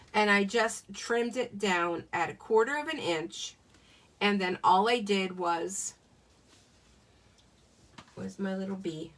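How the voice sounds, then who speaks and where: A woman's voice: medium pitch, a bit bright. A middle-aged woman demonstrating card-making on a live stream, chatty and self-joking, laughing often. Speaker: craft demonstrator. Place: home craft desk. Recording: voice a bit far from the mic.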